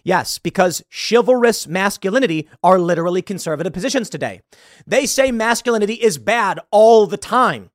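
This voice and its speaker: A man's voice: high-pitched, animated, moderate pace, no echo, clean studio sound. A man hosting a commentary show, reading out a news story and mocking it with sarcastic asides. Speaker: show host.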